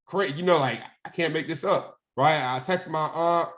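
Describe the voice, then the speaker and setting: Animated slangy man telling a story. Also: fairly high pitch, moderate pace. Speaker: guest speaker at a mentorship session. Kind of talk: casual storytelling.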